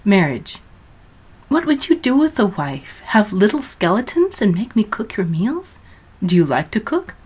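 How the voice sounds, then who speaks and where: A woman voicing a defiant, headstrong young woman who talks curtly and with quick exasperation in a storybook reading. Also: medium pitch, sing-song, a little mellow, husky, voice pushed up. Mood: exasperated.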